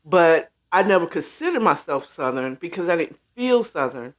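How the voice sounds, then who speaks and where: Hosting a casual livestream chat, a middle-aged man from the Washington, D.C. area (born in D.C., raised in Maryland) rambles straight to his viewers with plenty of ums. His voice is on the high side and fairly bright, very animated, at a moderate pace.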